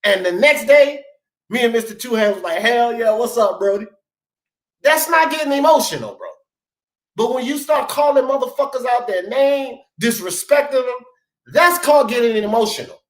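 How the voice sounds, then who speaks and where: Very high-voiced with lively intonation at a moderate pace, this sports talk stream host argues heatedly and profanely, addressing people as "bro" and "dog" amid roomy echo.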